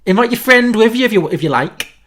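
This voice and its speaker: A man's voice: high voice, animated, quick pace, fairly bright tone, pitched above the performer's own voice. A man voicing a brash Liverpudlian mother with a Scouse accent, bossy and blunt as she heads out. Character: brash Liverpudlian mum going out.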